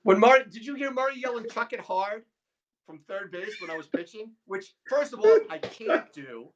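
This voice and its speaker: Male podcast co-host, high voice, animated storyteller. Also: brisk, muffled recording. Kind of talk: casual sports chat.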